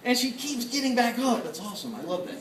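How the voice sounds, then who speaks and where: A man giving a lively convention panel talk, excitable, laughing often and acting out his own reactions. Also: very high voice, fast, very noisy. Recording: echoey room, from far off.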